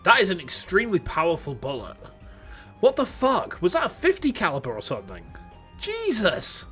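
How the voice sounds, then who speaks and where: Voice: medium pitch, huge pitch swings, moderate pace, a bit bright, faint music behind. A streamer chatting casually and joking, swearing freely and laughing while playing a story game. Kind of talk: casual let's-play commentary.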